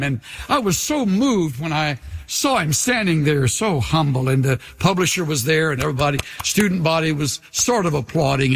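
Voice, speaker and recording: An older man preaching a sermon in an earnest way, slowing down and dropping to a hush on key lines. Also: mid-range voice, breathy edge. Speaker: pastor. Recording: long reverb of a large hall.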